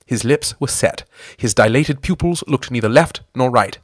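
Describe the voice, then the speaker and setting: Man reading a comic story, lively pitch. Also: normal speed, no echo, clean studio sound. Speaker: narrator.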